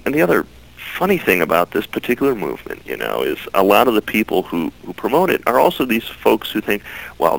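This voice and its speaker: Earnest man with a gravelly voice. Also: lowish voice, poor audio. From United States. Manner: earnest, repeats words when starting phrases. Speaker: guest. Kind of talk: interview answers.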